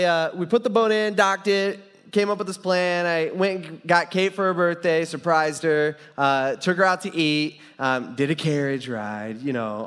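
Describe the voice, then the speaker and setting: A man's voice: on the high side, fairly bright tone. A young man preaching a sermon and telling a personal story in a casual, rambling way, full of fillers and restarts. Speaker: pastor. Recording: long hall reverb.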